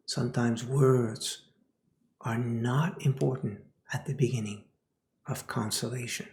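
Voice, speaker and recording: A man teaches about spiritual matters at an unhurried, deliberate pace. His voice has a gravelly, creaky texture, and he often sinks to a near whisper for emphasis. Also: medium pitch, fairly even intonation, a little mellow, roomy sound. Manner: slow, often drops into a whisper.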